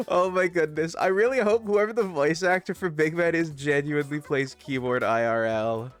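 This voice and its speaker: A man streaming a game live, chatty and excitable, talking to his chat as he plays. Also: fairly high pitch, moderate pace, soft background music. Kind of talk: live gameplay commentary.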